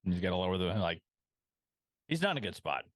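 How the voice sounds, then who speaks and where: A man's voice: sits low, sing-song, a little fast, dry recording. A man co-hosting a podcast, talking casually about an episode with many ums and restarts. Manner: hesitant, lots of ums and restarts. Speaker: podcast co-host.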